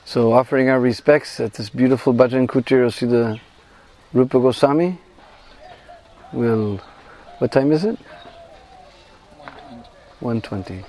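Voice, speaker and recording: A man guiding a pilgrimage, telling a devotional story in an animated way and acting out the quoted voices. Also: mid-range voice, unhurried, long pauses. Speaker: pilgrimage guide and devotional speaker. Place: at a shrine on pilgrimage.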